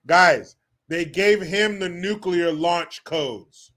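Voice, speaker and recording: Man, sarcastic commentary, mocking and animated, high voice. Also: takes it slowly. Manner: sarcastic, animated, laughs often.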